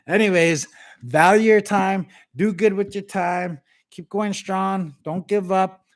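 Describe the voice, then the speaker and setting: A man's voice: high-pitched, slow. Man giving a motivational vlog talk. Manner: animated, conversational, preachy. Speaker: vlogger. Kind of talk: casual storytelling and motivational talk.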